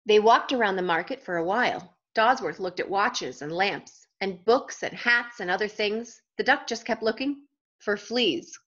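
A woman reading a children's picture book aloud, pausing for playful questions to young listeners. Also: mid-range voice, a bit bright, muffled recording.

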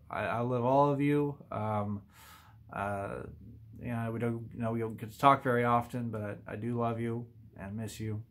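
Male YouTuber, 30s, lowish voice, sincere and halting, casual vlog delivery full of ums. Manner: halting, earnest, many fillers and restarts. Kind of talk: casual heartfelt vlog talk.

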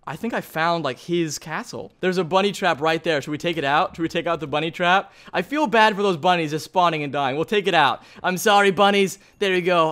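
A man hosting a gaming video, giving excitable, chatty let's play commentary and thinking aloud. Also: fairly high pitch.

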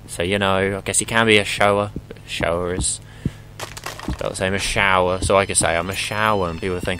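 A man's voice: deep voice, fairly even intonation, fairly quick, pushed and bright, rough recording. A young man commentating his horror gameplay, rambling and joking, swearing often and talking back to the game.

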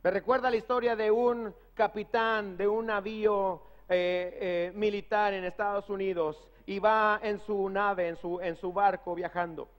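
A male pastor preaches in short phrases, leaving room for his interpreter, and tells stories in a lively way. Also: high-pitched, moderate pace, few pauses. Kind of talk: sermon preached through an interpreter. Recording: reverberant dull sanctuary audio.

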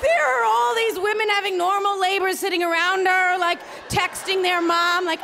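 A woman hosting a live storytelling show and telling a story on stage into a microphone, in an animated, comic, blunt and profane way. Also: very high voice, moderate pace, vocal fry, few pauses, crowd noise, background noise. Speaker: storyteller and host. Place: theater stage before a live audience. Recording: reverberant live theater hall.

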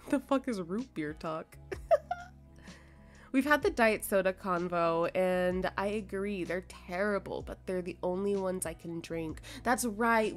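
A young adult woman streaming a game, chatting casually with her chat, reading and answering messages, swearing and laughing. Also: lowish voice. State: sleepy, yawning.

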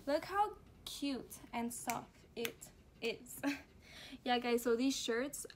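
Chatty, slow-talking young woman vlogger. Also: a little high, noisy background. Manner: bubbly, chatty, giggly, lots of fillers and slang. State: out of breath from heat. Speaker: beauty and lifestyle vlogger. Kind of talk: casual product review vlog.

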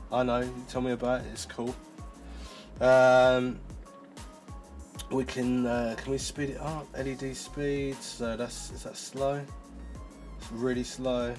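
Male tech reviewer, chatty, mid-range voice, easily amazed, faint background music. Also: mid-range voice. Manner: excitable, chatty, thinks aloud. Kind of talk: casual product demo.

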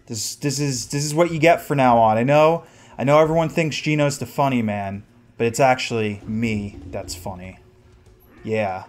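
A young man hosting a casual solo let's play, cursing, mocking himself and yelling at the game as he plays. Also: mid-range voice. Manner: profane, self-mocking, shouts at the game. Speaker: gaming podcast host.

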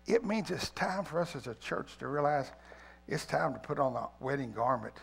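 A man preaching an Easter sermon as pastor, swinging from loud appeals to quiet pleading. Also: medium pitch, normal speed, gravelly, slightly rough. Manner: preaching, rising loud then dropping to a hush; reads a poem aloud with feeling. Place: church sanctuary.

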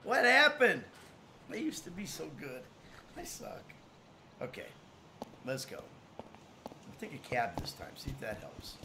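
A man's voice: on the high side, huge pitch swings, a little slow, long pauses. A man streaming a video game live, talking to himself in an exasperated way and swearing as he plays. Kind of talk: live gameplay commentary. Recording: loud game sound behind voice. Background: loud game noise and car sounds.

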